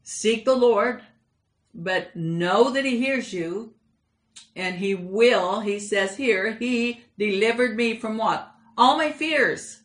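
A woman preaching a sermon, reading scripture with emphatic, slowed delivery. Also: medium pitch, echoey room. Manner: emphatic, slows down for scripture lines.

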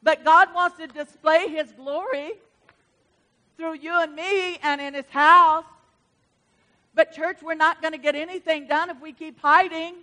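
High bright-voiced woman preaching. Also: fairly even intonation, a little slow. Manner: dramatic swings from hushed to loud, retelling stories. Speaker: pastor. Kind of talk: sermon. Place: church sanctuary.

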